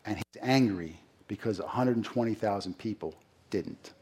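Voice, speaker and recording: Man, middle-aged, pastor, sermon, husky voice, conversational, rhetorical questions. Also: lowish voice, normal speed, a little mellow. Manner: conversational preaching with rhetorical questions and acted-out quotes.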